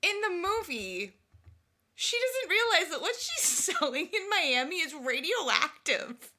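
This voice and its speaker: Giggly high-voiced woman podcast co-host. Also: sing-song, a little slow, background noise. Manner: giggly, breaks into fits of laughter. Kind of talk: casual book-and-film chat.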